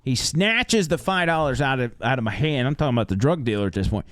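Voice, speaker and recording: A man who drives for a rideshare service tells a story on a podcast, animated and acting out the people in it. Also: mid-range voice, fast, a little hiss or hum. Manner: animated, acts out the characters.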